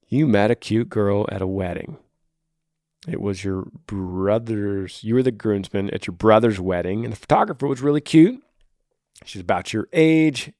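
A man's voice: lowish voice, a little mellow, no room sound, clean studio sound. A man with a tired voice, hosting a podcast and answering listener emails in casual, earnest advice talk that sometimes drops almost to a whisper. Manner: earnest, pleading, drops to near-whisper when pressing.

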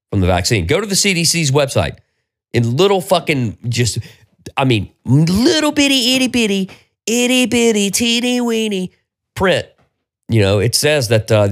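A man hosting a solo podcast, ranting with exasperation and plenty of profanity. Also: medium pitch. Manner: profane, exasperated, animated rant. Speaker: podcast host.

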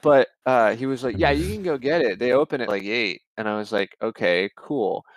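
A man's voice: medium pitch, moderate pace, no room sound. A young man telling a long story in casual podcast chat, rambling and swearing, with many fillers and restarts. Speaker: podcast co-host.

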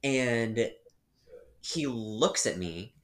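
A man co-hosting a casual podcast chat, telling a customer service story with animated, exasperated emphasis. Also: mid-range voice, drawn-out words. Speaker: podcast co-host.

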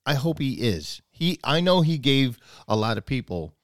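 A man in casual chat tells a long personal story, rambling, restarting sentences, and acting out both sides of the conversation. His mid-range voice swings widely in pitch at a moderate pace, recorded cleanly in a studio with no echo.

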